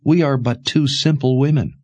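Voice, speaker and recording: A man's voice: on the low side, big pitch swings, normal speed, a little mellow, no echo. A man reading aloud and voicing a wary middle-aged mother protecting her daughter, in an earnest, pleading way.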